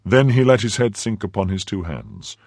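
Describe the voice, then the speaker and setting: A man narrating a classic novel as an audiobook, in a measured, even storytelling manner. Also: lowish voice, dry recording, clean studio sound.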